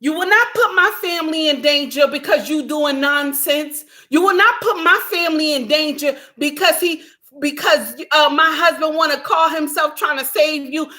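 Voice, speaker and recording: A middle-aged woman, giving an impassioned commentary monologue, repeating her points and shouting for emphasis. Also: high voice. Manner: preachy, repeats lines for emphasis, shouts at times. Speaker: commentary vlogger.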